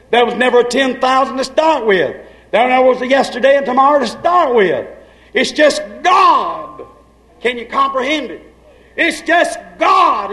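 A man preaching a sermon with fervor, dropping to hushed lines and then rising to shouts. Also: sits high, poor audio.

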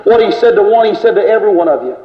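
A man's voice: high-pitched, expressive, racing. An older man preaching an emphatic, scolding sermon in a church. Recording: echoey lo-fi church tape.

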